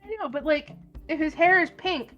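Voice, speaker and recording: A woman chatting casually with her tabletop group, excitable and swearing freely. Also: sits high, moderate pace, highs cut off, soft background music. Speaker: tabletop game player. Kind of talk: casual chat on a game stream.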